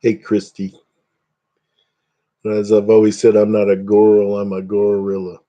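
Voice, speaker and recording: A man chats casually with his livestream viewers, wandering from topic to topic. His voice sits on the low side with a soft, mellow tone. He jokes easily and often at his own expense. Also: monotone, measured pace. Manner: rambling, self-deprecating joking. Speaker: livestream host. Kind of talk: casual chat with live viewers.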